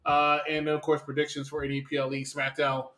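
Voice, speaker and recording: A man hosting a wrestling review show, calmly giving his take and reading the sign-off in a measured, announcer-like way. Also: on the high side, reverberant. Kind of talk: casual chat and show sign-off.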